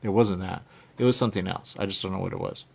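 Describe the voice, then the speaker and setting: A man's voice: sits low, fairly even intonation, quick pace, creaky, slightly rough. A man hosting a talk radio show, chatting casually in a rambling way and often checking in with "okay?". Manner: chatty, keeps saying "okay?" and "there you go".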